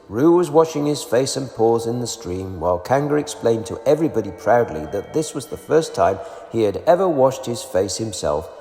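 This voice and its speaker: A man reads a children's storybook aloud with lively, expressive rises and falls. His voice has a gravelly edge. It rings in an echoey room with a long reverb, and faint music plays underneath. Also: mid-range voice. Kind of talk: children's read-aloud narration.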